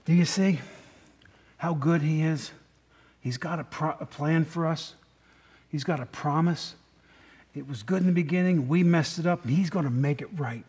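A man's voice: fairly high pitch, moderate pace, pauses often, a little mellow, slightly rough. A middle-aged man preaching a sermon in a conversational way, often asking the congregation questions. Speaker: pastor.

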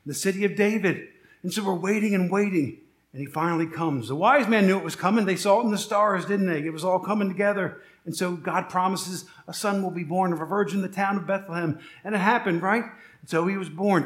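A man's voice: high voice, fairly quick, echoey room. A middle-aged male pastor preaching a sermon in a conversational way, full of rhetorical questions and joking asides.

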